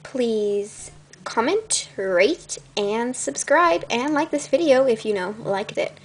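Bubbly teen girl with a lively, high voice. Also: slow pace, slight background noise. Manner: bubbly and rambling, with dramatic gasps. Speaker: channel host. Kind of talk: casual vlog chat.

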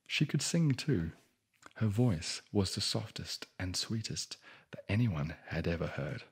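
A man's voice: low-pitched, husky. A man telling a bedtime fairy tale in a whispered ASMR style, with dry, sarcastic asides. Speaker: ASMR storyteller.

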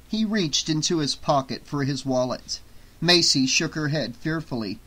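A man narrating an audiobook in a steady, measured reading. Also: on the high side. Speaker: audiobook reader.

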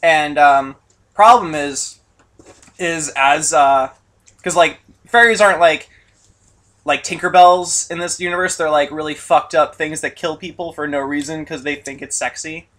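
A young man chatting casually in a rant video, rambling and swearing with excitable bursts. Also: a little high, a little slow. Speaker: vlog co-host.

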